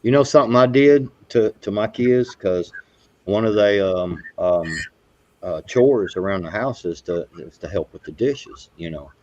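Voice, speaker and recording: A man's voice: on the low side, lively intonation, a little slow, a little mellow, dry recording. Rambling middle-aged man, muffled sound. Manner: rambling, many "you know" fillers and restarts. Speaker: podcast host. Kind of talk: casual live talk show chat.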